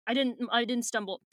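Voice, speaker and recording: Young woman podcast co-host, animated, casual, bright tone. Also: a little high, no echo, lo-fi sound. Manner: animated, swears casually, slips into dramatic quoted voices. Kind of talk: casual book recap, reading passages aloud.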